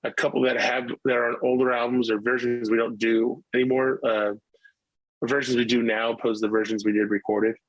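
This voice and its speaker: A man's voice: mid-range voice, little pitch movement, brisk, dry recording, rough recording. Rambling man, dry close sound. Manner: rambling, with many restarts and stumbles. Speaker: musician guest. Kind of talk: casual interview chat.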